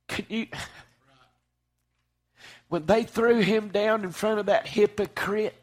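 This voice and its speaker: A man preaching a sermon, swinging from loud, fervent declaiming to hushed, quiet lines. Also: high-pitched, fairly even intonation, slow pace, pauses often.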